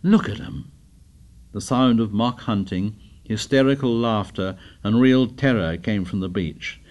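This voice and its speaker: A man narrating a story in a measured, dramatic reading. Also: fairly low pitch, a little mellow, dull audio. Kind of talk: scripted narration.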